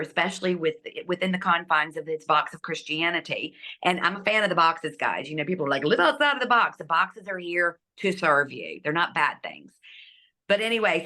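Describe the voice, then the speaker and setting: Lively woman telling a story. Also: on the low side. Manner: animated, acts out quotes, drops to hushed asides. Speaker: guest. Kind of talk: personal storytelling in an interview.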